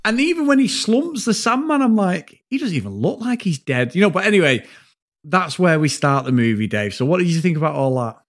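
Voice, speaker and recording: Sweary man with a lively voice. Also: high-pitched, a little fast. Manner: rambling, sweary, animated. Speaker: podcast co-host. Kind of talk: casual film review chat.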